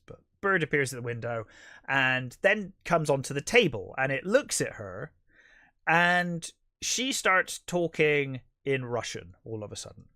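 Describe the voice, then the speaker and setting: A man's voice: medium pitch, pushed and bright, dry recording, clean studio sound. A man co-hosting a podcast, recapping a film plot in casual chat, rambling with many fillers and restarts. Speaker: podcast co-host.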